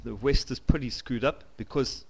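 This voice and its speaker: A man's voice: medium pitch, creaky, breathy edge. Blunt South African man ranting. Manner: blunt, opinionated, halting delivery. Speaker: vlogger. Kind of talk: casual to-camera monologue. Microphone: home camcorder.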